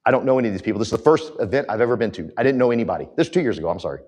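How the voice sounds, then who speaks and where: A man's voice: on the low side, lively intonation, rapid-fire, a little mellow, breathy edge. Fired-up man speaking on stage. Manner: fired up, emphatic, addresses audience directly. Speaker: conference speaker. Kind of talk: motivational stage talk. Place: conference stage.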